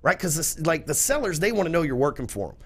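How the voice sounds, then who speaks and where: A man's voice: fairly high pitch, very animated, quick pace, slightly rough. A man, a podcast guest talking in a blunt, profane, salesy way. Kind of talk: casual chat.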